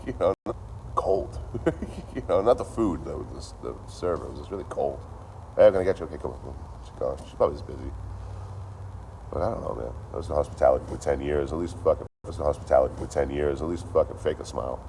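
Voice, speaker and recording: Man, very deep voice, dry joking delivery, crude casual livestream chat, faint background noise. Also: quick pace, creaky, mellow. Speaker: livestream host.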